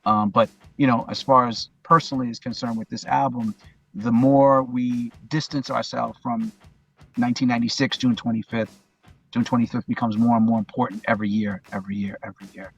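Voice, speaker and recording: A man's voice: mid-range voice, flat delivery, a little fast, gravelly, slightly rough. A man talking as a podcast guest in a casual, reflective way, often repeating himself and speaking from the heart. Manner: rambling, repeats phrases, heartfelt. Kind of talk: casual reflective interview talk.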